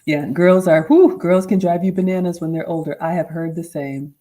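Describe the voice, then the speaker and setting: A woman's voice: lowish voice, lively intonation, normal speed, mellow, poor audio. A woman in her forties hosting a casual live Q&A, reading viewer comments aloud and answering them conversationally. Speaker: livestream host and life coach.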